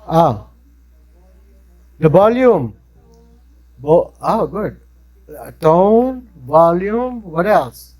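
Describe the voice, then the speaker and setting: A man's voice: sits high, lively intonation, drawn-out words, long pauses, darkish tone, low-quality recording. A man with a Filipino accent, lecturing a class in a conversational way and often checking in with his listeners. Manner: conversational, keeps checking in with "right?". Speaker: instructor.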